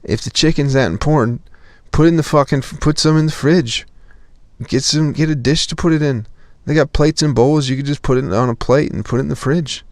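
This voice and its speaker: A man's voice: mid-range voice, dry recording. A young man telling a profane, exasperated story as a podcast host in a casual comedic rant.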